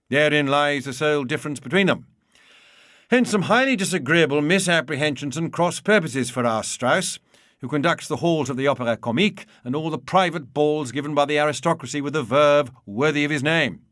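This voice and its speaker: A man reading a humorous memoir aloud in a wry, measured storytelling manner. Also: on the high side, a bit bright, no echo, clean studio sound. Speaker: narrator. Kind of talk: audiobook reading.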